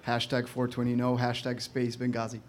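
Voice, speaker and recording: A man from the audience asking a question in a halting, tongue-in-cheek way. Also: medium pitch, monotone.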